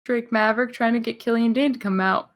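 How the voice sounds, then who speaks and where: A young American woman from upstate New York, co-hosting a podcast in loud, animated, joking casual chat. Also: fairly high pitch, fast. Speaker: podcast co-host.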